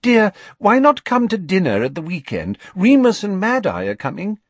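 A man doing Mrs Weasley, a flustered high-voiced witch. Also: huge pitch swings, moderate pace, no room sound, exaggerated voice. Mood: fussing. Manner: flustered, fussing. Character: nervous motherly middle-aged witch.

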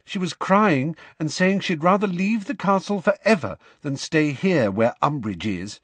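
A man's voice: a little high, expressive, unhurried, husky, no echo, voice pushed up. A man voicing an eager, chatty teenage girl full of gossip. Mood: earnest.

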